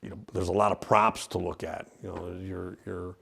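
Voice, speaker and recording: A man's voice: sits low, little pitch movement, moderate pace, gravelly, pushed and bright, slightly rough. A man who owns a haunted house, casually explaining it on a tour with lots of fillers and restarts. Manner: rambling, with many fillers and restarts. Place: inside an old industrial building.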